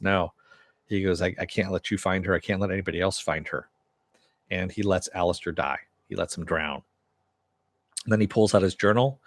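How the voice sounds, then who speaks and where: A man's voice: sits low, no echo, studio quality. A man hosting a casual live-stream review, recapping an episode in a rambling way. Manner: rambling, many "uh" and "he goes". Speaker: show host reviewing a TV episode.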